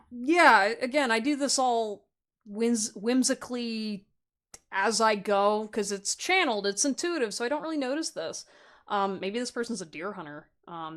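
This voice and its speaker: A young woman talks through a pick-a-card tarot reading in a loose, chatty way, her voice sitting a little high. She gets excitable and bursts into loud laughs. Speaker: tarot reader.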